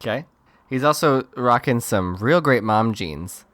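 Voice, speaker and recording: A man's voice: mid-range voice, expressive, measured pace, a bit bright, no echo. A man co-hosting a podcast in casual chat, musing in a rambling way full of fillers. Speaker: podcast co-host.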